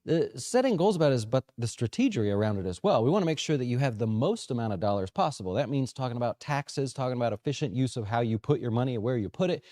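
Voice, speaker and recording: A man's voice: quick pace, few pauses, no echo, clean studio sound. A man hosting a market recap show as a financial advisor, chatty and jokey, correcting himself as he goes. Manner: lively pitch swings. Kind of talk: casual market recap talk.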